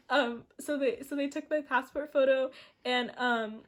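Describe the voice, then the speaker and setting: A young woman in her late teens tells a long storytime for her vlog in a voice pitched a little high. She talks in a loose, rambling way, full of "like" and restarts, and laughs often as she goes. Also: steady tone, normal speed. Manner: chatty and rambling, heavy use of "like", frequent restarts. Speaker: vlogger.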